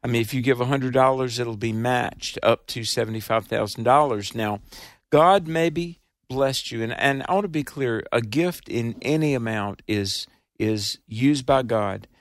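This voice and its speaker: A man's voice: medium pitch, unhurried, no echo, clean studio sound. A man with a Southern accent, hosting a radio ministry fundraiser in an earnest, emphatic, preacherly way.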